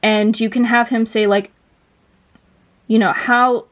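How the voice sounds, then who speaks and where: Slow, chatty woman pitching a story idea. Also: little pitch movement. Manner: loose and chatty, many fillers. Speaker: video essayist.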